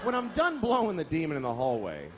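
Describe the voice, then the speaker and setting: A man's voice: fairly high pitch, wildly swooping pitch, fast talker, background noise. A man doing a stand-up comedy routine, telling stories in a profane, exasperated way. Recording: live show with audience laughter. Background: crowd laughter.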